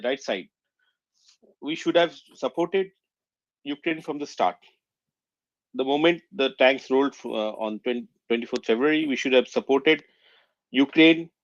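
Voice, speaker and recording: A man from India calling in, speaking earnestly and emotionally with many halting restarts. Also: a little high, no room sound. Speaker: caller. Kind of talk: emotional call-in remarks. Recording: muffled dry online audio.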